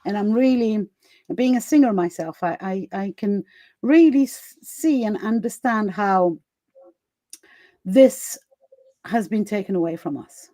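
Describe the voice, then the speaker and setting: A woman's voice: medium pitch, expressive, a little slow, long pauses, dark tone, no echo. A woman hosting a live summit chat, casual and full of laughter, fillers and restarts, speaking over a video call. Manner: chatty, laughs often, many fillers and restarts. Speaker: summit host.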